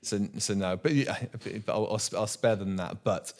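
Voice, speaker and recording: Young male actor, lowish voice, earnest and animated, stumbles and repeats words as he talks. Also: normal speed, a little hiss or hum. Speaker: actor guest. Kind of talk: casual interview chat.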